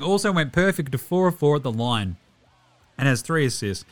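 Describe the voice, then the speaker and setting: Animated Australian man recapping basketball. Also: fairly high pitch, soft background music. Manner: animated, swearing, self-mocking, quick stat rundowns. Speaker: basketball podcast host. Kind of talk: casual game recap.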